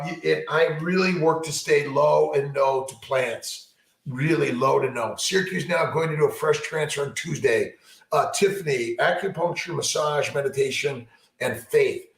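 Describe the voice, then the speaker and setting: A man's voice: medium pitch, gravelly, roomy sound, poor audio. A man answering viewer questions as a fertility doctor in a rambling, upbeat live chat, repeating himself and restarting often. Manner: upbeat, repetitive, motivational, many fillers and restarts.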